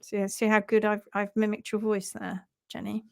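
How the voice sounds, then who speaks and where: A woman's voice: medium pitch, level tone, moderate pace, vocal fry, darkish tone. A woman hoof trimmer hosting a casual live stream, playful and giggly as she reads viewers' comments aloud.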